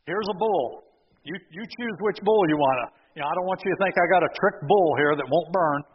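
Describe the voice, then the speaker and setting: A male pastor preaching a sermon, retelling the story with lively, sarcastic asides to the congregation. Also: high voice, fairly quick, husky, in a large hall, dull audio. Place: church sanctuary.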